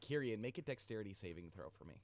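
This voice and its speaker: A man's voice: lowish voice, animated, rapid-fire. Rambling young man running a tabletop game. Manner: rambling, full of "like". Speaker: game master.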